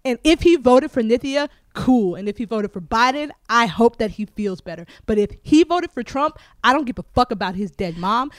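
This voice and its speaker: Woman co-host, higher pitch, heated and blunt, repeats herself, close dry sound. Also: lively intonation, normal speed, few pauses, no room sound. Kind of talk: casual chat.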